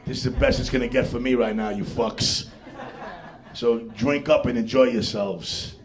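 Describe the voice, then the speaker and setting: A man's voice: mid-range voice, fairly even intonation, normal speed. New York comic, male, brash and foul-mouthed, punchy club set delivery. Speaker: stand-up comedian. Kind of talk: stand-up comedy set. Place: comedy club stage, live audience.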